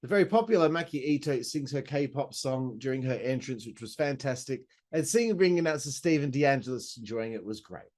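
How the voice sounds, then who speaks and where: A man's voice: medium pitch, animated, a little fast, hardly any pauses, a little mellow. A man, hosting a podcast and recapping a wrestling show in a chatty, enthusiastic way, swearing and throwing in asides. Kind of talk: casual recap commentary.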